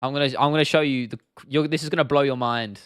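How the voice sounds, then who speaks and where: A young man from the UK chats through a casual livestream Q&A in a blunt, slangy way, swearing freely and tripping into restarts. His voice is smooth and resonant, and the sound is close and dry, with no room around it. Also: mid-range voice, steady tone, quick pace, fairly bright tone, no room sound. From United Kingdom. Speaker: livestream host.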